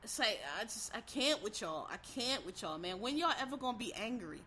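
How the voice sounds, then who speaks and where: Woman, blunt and profane, heated monologue to viewers, high and very bright voice. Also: expressive, fairly quick, a little hiss or hum.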